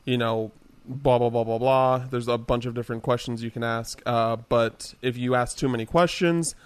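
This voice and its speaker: A man co-hosting a podcast, casually recapping events with frequent "uh" pauses. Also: mid-range voice, smooth, no room sound. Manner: relaxed recap with many "uh" pauses. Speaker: podcast co-host. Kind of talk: casual chat recapping a video game.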